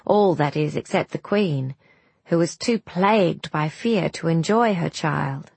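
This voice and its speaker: Slow, husky woman reading a fairy tale. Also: low voice, a little mellow, no echo. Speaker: narrator. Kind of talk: scripted storybook narration.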